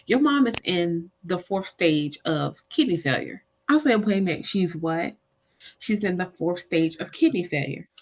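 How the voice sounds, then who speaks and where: This is a middle-aged woman's fairly low voice, moving at a moderate pace. Interviewed as a guest, she tells a personal caregiving story with animation and performs the voices of the people in it.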